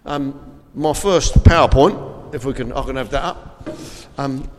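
A man's voice: mid-range voice, measured pace, noisy background. A man giving an informal school assembly talk, rambling and chatty with lots of fillers, and reading aloud from the Bible. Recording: long hall reverb.

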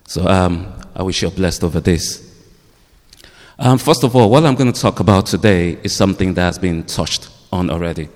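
A man preaching a sermon, halting with fillers at first, then rising to emphatic points. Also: sits low, a little mellow. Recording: long hall reverb.

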